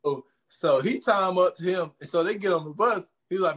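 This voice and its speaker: A man's voice: high voice, fairly quick. A man co-hosting a podcast, casually recapping a movie scene by scene and acting out the lines with lots of laughter. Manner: animated storytelling, acts out scenes, laughs often. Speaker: podcast co-host.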